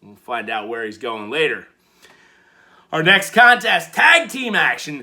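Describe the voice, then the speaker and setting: Animated and playful, a man with a voice on the high side casually recaps a wrestling show, acting out the quotes he retells.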